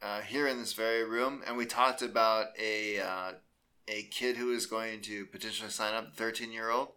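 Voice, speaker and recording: A man's voice: lowish voice, fairly even intonation, normal speed, bright, forceful tone. A man and father co-hosting a casual sports podcast, laid-back and easily amused. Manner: laid-back, chuckling, loose fillers. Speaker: podcast co-host. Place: small room.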